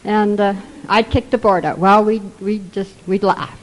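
An older Canadian woman, her voice medium-pitched and fairly even, speaks at a measured pace as she tells a group funny stories about recovery. She chuckles through the anecdotes and slips into quoted voices. The recording quality is low.

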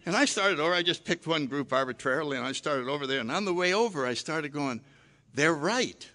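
An older man telling a personal story about his drinking, animated and self-mocking, acting out his own past lines. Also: fairly high pitch, fast.

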